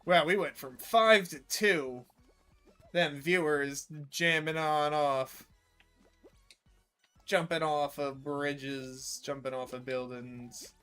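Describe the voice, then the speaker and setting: A man's voice: a little high, fairly even intonation, takes it slowly, pushed and bright, clear, resonant tone, soft background music. A man streaming a game, rambling through jokes and swearing freely in casual commentary. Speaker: gaming streamer. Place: New York.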